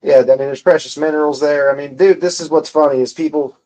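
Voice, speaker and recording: A slightly high, warm voice with fairly even intonation belongs to a young man talking quickly on a livestream from his home room. He reads chat casually, mocking viewers with profane banter.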